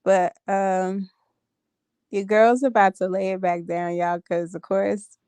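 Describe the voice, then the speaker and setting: A woman's voice: medium pitch, level tone, slow pace, darkish tone, clean tone, no room sound. A tired woman in her thirties chatting casually to viewers on a phone livestream, calling them y'all and honey. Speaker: vlogger.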